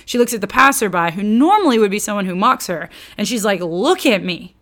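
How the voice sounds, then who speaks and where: A woman teaching on scripture in an animated, conversational way, acting out quotes and dropping casual slang. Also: medium pitch, quick pace. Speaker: Bible teacher.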